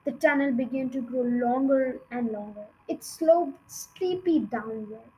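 A woman reading a children's book aloud in an expressive, dramatic way. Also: sits high, a little slow, rough recording. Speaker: reader.

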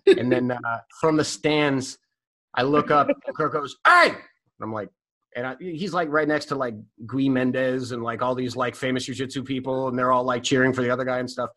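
A man telling stories in a casual, animated way, swearing freely and leaning on fillers. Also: medium pitch, fairly quick. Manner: animated, profane, full of fillers. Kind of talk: casual storytelling.

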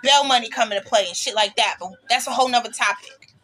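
A woman's voice: a little high, fast talker, pushed and bright. A woman hosting a casual podcast, talking bluntly and passionately, with plenty of swearing. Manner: blunt, profane, passionate ranting. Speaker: podcast host.

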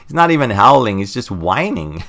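A man's voice: on the low side, lively intonation, normal speed, fairly bright tone. A man co-hosting a podcast, eagerly retelling a comic story, laughing often and acting out lines. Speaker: podcast co-host. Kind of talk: casual podcast chat recapping a comic.

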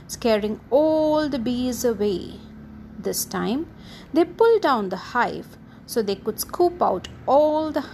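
Woman, storyteller, children's story, slightly high voice, unhurried. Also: a little hiss or hum, poor audio. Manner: slow, expressive and sing-song. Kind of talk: reading a children's story aloud.

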